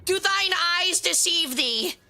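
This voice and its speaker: Woman doing a high, bright, haughty diner in faux-Shakespearean speech, commanding more fries. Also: animated, takes it slowly, faint music behind, full character voice. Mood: indignant. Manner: mock-archaic, theatrical. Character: pompous diner demanding endless fries in olde speech.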